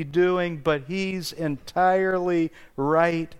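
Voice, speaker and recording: A man's voice: fairly high pitch, unhurried, smooth. A man preaching a sermon as pastor, telling a story earnestly with small restarts. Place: church.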